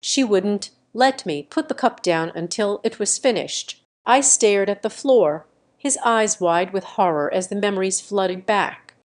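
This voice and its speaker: A woman reading a dramatic first-person family story as scripted narration, in a steady reading manner. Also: mid-range voice, unhurried.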